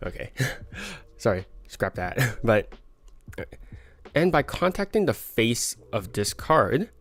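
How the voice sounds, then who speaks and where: A man's voice: medium pitch, very animated, slow pace, fairly bright tone. A man teaching a card sleight on a livestream, stumbling and laughing at his own mistakes. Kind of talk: livestream tutorial. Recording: faint background music.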